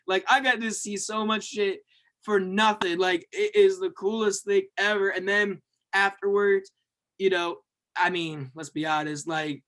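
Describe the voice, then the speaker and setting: A young man co-hosting a podcast, telling a rambling, profane story with lots of fillers and yelled-out quotes. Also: sits high, steady tone, unhurried. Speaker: podcast co-host. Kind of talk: excited casual storytelling.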